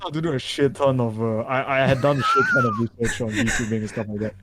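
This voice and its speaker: A man's voice: medium pitch, huge pitch swings, fairly quick, very noisy. A man talking as a guest in a casual podcast chat, rambling with lots of restarts and filler. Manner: rambling, with many restarts and laughs. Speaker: guest, VTuber agency manager.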